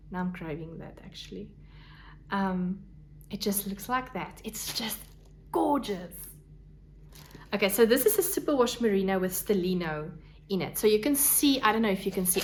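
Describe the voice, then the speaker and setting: A woman hosting a casual crafting podcast, gushing over her things and sometimes dropping to a soft whisper. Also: medium pitch, slight background noise. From South Africa. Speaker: podcast host. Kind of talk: casual show-and-tell chat.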